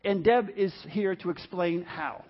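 A man's voice: sits high, a little slow, highs cut off. A man preaching earnestly as pastor, reading scripture and introducing a guest. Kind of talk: sermon.

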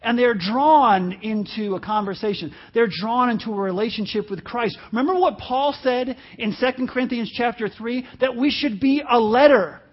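A man preaching a sermon as pastor, telling a personal story in a halting way, dropping to quiet asides and rising to loud emphasis. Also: very high voice, dull audio. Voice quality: halting, self-interrupting delivery with laughs.

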